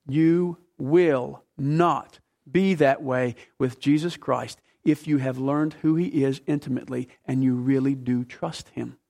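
A man's voice: a little high, creaky, a little mellow. A man in his fifties, a pastor preaching a sermon, building from plain talk into fervent, emphatic questions.

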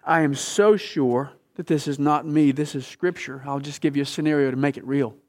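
A middle-aged male pastor preaching a sermon, telling a story with passion and dropping from loud to hushed. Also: on the high side, steady tone, moderate pace.

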